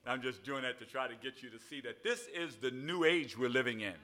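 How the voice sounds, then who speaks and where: An older man with a drawl delivers an evening sermon. He is folksy and conversational, spells out words and checks in with the congregation. His voice is bright and forceful, at a middle pitch. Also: brisk. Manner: folksy, repeats "all right", spells words out, calls and response. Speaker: pastor.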